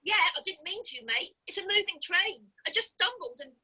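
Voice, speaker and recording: A woman's voice: very high-pitched, lively intonation, normal speed, pushed and bright, distant mic, full character voice, rough recording. A woman voicing an anxious young girlfriend on a train in an online script reading, pleading and uneasy. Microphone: video call mic.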